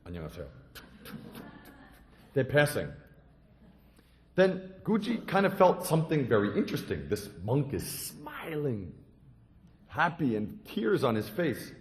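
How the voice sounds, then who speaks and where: Animated Zen monk telling a story. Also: male voice, medium pitch, a little slow, long pauses. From United States. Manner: animated, acts out characters in simple phrasing. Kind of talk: dharma talk storytelling. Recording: echoey room.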